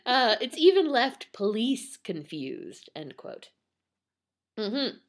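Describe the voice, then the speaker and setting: A woman's voice: on the high side, sing-song, takes it slowly. A young woman co-hosting a casual podcast, chatty and giggly, reading a news story aloud with many fillers. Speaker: podcast co-host.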